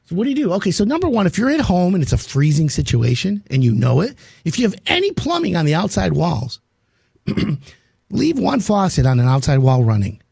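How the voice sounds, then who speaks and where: Male radio host, casual and chatty, lively up-and-down delivery, slightly husky, dry close studio mic. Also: high-pitched, fairly quick, no room sound. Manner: chatty, storytelling, jokey. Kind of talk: casual talk radio chat.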